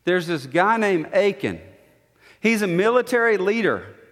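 High-voiced man preaching in a hall. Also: sing-song, measured pace. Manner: dynamic preaching, dropping to soft low tones and rising to emphatic. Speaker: pastor. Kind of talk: sermon. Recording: long reverb of a hall.

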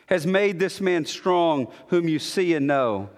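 A man preaching a sermon, building emphatic repeated declarations and then dropping to a hushed tone. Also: a little high, expressive, slow, few pauses. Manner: emphatic, repetitive declarations, swings from loud to hushed. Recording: long hall reverb.

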